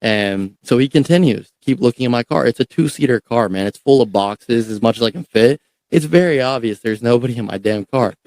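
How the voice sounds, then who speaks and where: A young man, a podcast guest, telling a story in a casual, animated way, swearing and repeating words as he goes. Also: medium pitch, a little fast, no echo.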